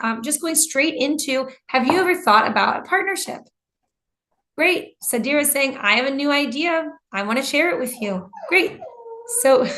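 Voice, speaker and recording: A middle-aged American woman teaching an online English class from home, lively and quick to laugh as she talks. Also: high-pitched. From United States. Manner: lively, laughs often, apologetic. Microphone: computer mic on a video call.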